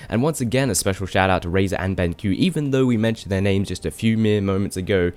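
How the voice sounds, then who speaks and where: A man's voice: deep voice, fast talker, a little mellow. A young man from Australia giving solo esports commentary over a replay, chatty, with self-deprecating asides. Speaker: esports caster.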